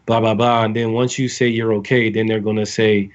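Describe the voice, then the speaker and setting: A man's voice: fairly low pitch, flat delivery, a little fast, dull audio. A man, a navy sailor, giving casual advice to recruits, talking in a rambling way with many fillers and restarts.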